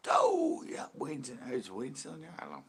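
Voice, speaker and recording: A man's voice: medium pitch, sing-song, fast, vocal fry, crowd noise. A man hosting a fishing channel, chatting casually on a live stream, rambling and joking and slipping into put-on accents.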